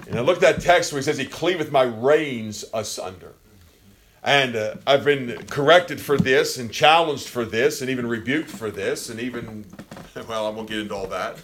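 A man preaching a sermon with passion, swinging from quiet, low passages to loud, near-shouted peaks. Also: moderate pace, slight background noise.

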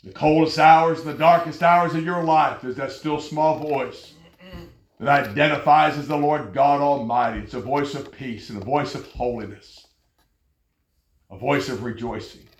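A man preaching a fervent sermon, telling stories and rising to loud exclamations. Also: on the high side, fairly even intonation, moderate pace, roomy sound.

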